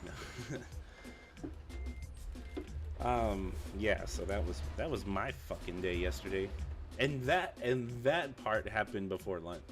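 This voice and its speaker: A young man streaming, ranting casually and with plenty of swearing about a whiny coworker, often raising his pitch when he quotes people. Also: lively intonation, slow pace, long pauses, music in the background. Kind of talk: casual venting story.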